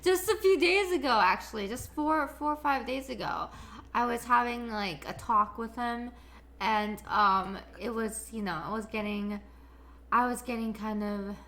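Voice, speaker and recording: A young woman hosting a live stream, chatting excitably and swearing freely. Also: on the high side, unhurried, a little hiss or hum. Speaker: streamer host. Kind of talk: casual chat.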